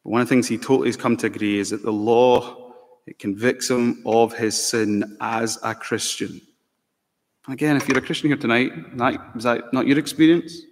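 Male pastor, mid pitch, earnest sermon delivery, long church reverb. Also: normal speed. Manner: earnest preaching with rhetorical questions.

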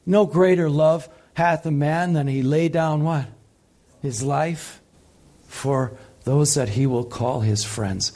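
A man preaching a sermon, impassioned, swinging between loud peaks and soft, quiet passages. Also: fairly high pitch, slow. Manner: impassioned, rising loud then dropping soft. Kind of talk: sermon teaching.

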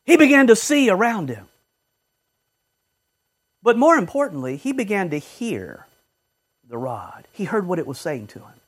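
A man preaching a sermon, fervent, swinging from loud exhortation to low murmurs and acting out short quoted voices. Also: huge pitch swings, unhurried, pauses often, husky.

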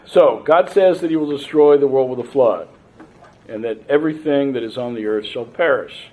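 A man teaching a Bible study class reads scripture aloud and patiently explains it, pausing often and saying "um" a lot. His voice is medium-pitched and mellow.

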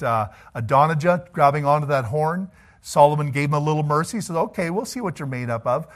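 A male pastor preaching a sermon, calling out "Amen?" to the congregation and swinging between loud emphasis and quiet asides. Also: fairly high pitch.

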